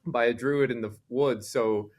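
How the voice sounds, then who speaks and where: A male guest commentator in casual chat. His pitch sits in the middle range, and he tells his story in a relaxed, easygoing way. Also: unhurried.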